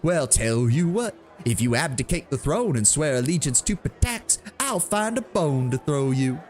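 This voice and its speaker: A man voicing a pompous young male half-elf bard, speaking in flowery, drawn-out, mocking toasts. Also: fairly high pitch, sing-song, a little mellow, soft background music, pitched above the performer's own voice.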